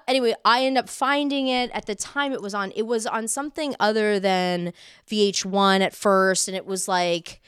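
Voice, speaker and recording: A woman's voice: medium pitch, moderate pace, smooth, no room sound, clean studio sound. A woman from Canada, a guest in a casual chat, telling stories animatedly and acting out quotes. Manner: animated storyteller, acts out quotes.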